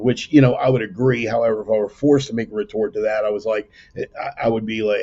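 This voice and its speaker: A man's voice: on the low side, flat delivery, quick pace, hardly any pauses, warm tone, lo-fi sound. A man hosting his show casually from a dining room table, rambling and brash, with frequent self-corrections. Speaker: podcast host. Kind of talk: casual livestream commentary. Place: dining room in a private home. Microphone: laptop.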